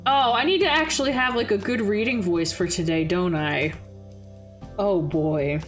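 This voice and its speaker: A woman's voice: mid-range voice, moderate pace, soft background music. A woman streamer chatting casually and reading game narration aloud, laughing easily.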